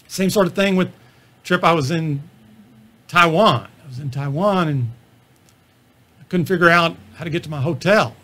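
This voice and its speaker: A middle-aged man, a physician, telling self-deprecating travel stories as examples in a talk on comedy. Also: a little high. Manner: self-deprecating storyteller, relaxed asides. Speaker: physician lecturing on stand-up comedy. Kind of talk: anecdotal presentation.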